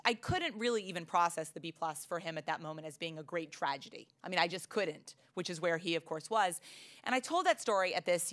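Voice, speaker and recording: A woman's voice: on the low side, sharp tone. A middle-aged woman, a psychology professor, telling a story in a Q&A with many fillers and restarts. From United States. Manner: chatty, many fillers and restarts, laughs often. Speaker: psychology professor giving a talk. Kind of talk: storytelling answer in a Q&A.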